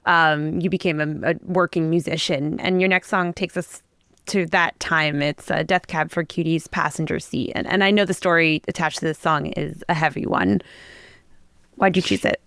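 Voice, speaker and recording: A woman's voice: sits low, steady tone, moderate pace, a bit bright, smooth, dry recording, studio quality. A woman hosting an interview, asking her guest questions and prompting his stories. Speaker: podcast host.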